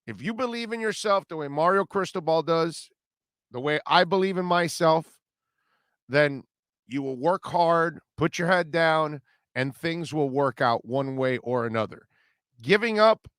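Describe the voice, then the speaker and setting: Middle-aged guy ranting on sports radio, blunt and preachy, pitched kinda high. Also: a bit bright, clear, resonant tone, dry recording, clean studio sound. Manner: blunt, preachy, punchy and emphatic. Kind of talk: opinionated sports talk monologue.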